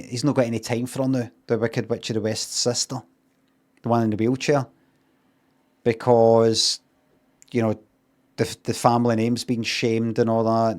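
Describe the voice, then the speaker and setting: A man's voice: mid-range voice, a little mellow. A man with a Scottish accent giving a casual, rambling review on a live stream, sweary and wry.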